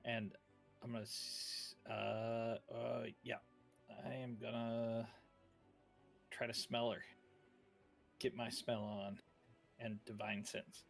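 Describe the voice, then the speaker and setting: A man playing a tabletop game, rambling casually and playfully, now and then dropping into quick in-character lines. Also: mid-range voice, level tone, vocal fry, soft background music. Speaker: player.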